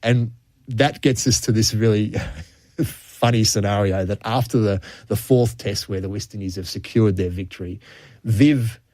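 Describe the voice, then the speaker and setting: A man's voice: lowish voice, fairly even intonation, a little slow, darkish tone, no room sound. An Australian man spins cricket history stories in a loose, easy radio chat. He chuckles now and then and restarts his sentences. His voice sits close and dry, with no room sound around it. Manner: storytelling, chuckles often, with frequent restarts.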